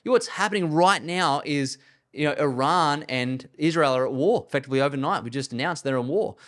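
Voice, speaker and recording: A man's voice: on the high side, a little fast, fairly bright tone. An Australian man, an investor and entrepreneur, giving blunt, emphatic unscripted commentary, often checking in with "okay?".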